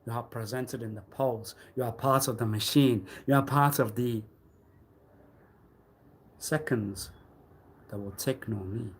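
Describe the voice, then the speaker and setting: A man on a live stream delivering a rambling, accusatory monologue, swinging between loud outbursts and low muttering. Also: fairly even intonation, measured pace, long pauses, husky. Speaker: livestreamer.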